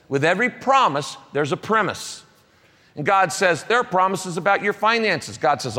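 A male pastor delivering a sermon with a fairly high voice for a man. He is emphatic and repeats key phrases, dropping soft and then rising again. The live recording carries a long reverb from the hall. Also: animated, a little fast.

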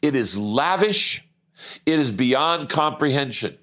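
A male pastor delivering a sermon in a church, his pitch rising and falling in a lively way. He slows down to stress key words and lets his voice drop low at the ends of phrases.

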